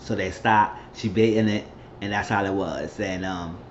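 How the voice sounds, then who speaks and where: A man's voice: deep voice, steady tone, normal speed, slight background noise. A man hosting a casual recap vlog, retelling a reality show episode in a rambling way and acting out what people said. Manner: rambling storyteller, acts out quotes. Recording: slightly dull lo-fi audio.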